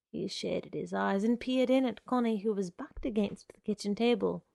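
A woman narrating a story in a measured, deliberate reading. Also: medium pitch, gravelly, a little mellow, no echo, clean studio sound.

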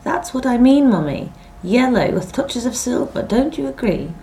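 A woman's voice: fairly high pitch, very animated, normal speed, warm tone, recorded from a distance, a little hiss or hum, pitched above the performer's own voice, poor audio. A woman doing a pouting, dramatic young daughter. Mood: eager.

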